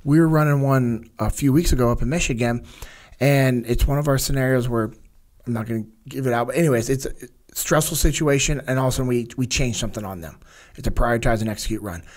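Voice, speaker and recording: A man's voice: mid-range voice, fast, darkish tone. A man who is a guest on a podcast, talking earnestly about a training program he runs and illustrating it with anecdotes. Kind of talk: casual podcast conversation.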